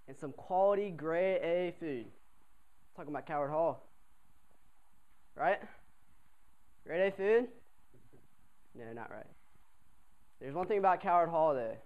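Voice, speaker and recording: A young college cadet with a fairly high voice tells a comic story to a crowd of classmates. He's animated and chatty, repeatedly asking the audience to respond. The audio quality is poor.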